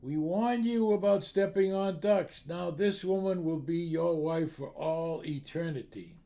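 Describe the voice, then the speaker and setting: A man's voice: a little high, measured pace, gravelly, mellow. A man voicing a stern male angel who delivers warnings.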